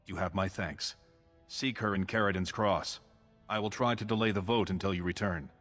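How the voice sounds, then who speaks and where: An actor with an American accent playing a scheming male dwarf prince in a video game, speaking in a measured, persuasive way. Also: sits low, a bit bright, soft background music. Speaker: game character. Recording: game audio with long reverb.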